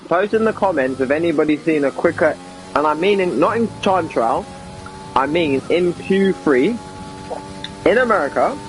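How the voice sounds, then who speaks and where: A man giving casual, excitable commentary on an esports racing league, talking to viewers. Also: a little high, normal speed, faint music behind, low-quality recording. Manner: excitable, chatty, addresses viewers as guys.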